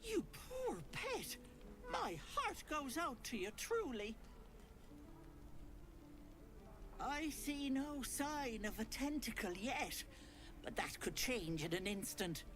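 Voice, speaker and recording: Auntie Ethel, a doting old hag. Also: female voice, high-pitched, big pitch swings, slow pace, music in the background, exaggerated voice. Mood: concerned. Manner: folksy, fussing, old-fashioned speech. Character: sly old hag posing as kindly granny.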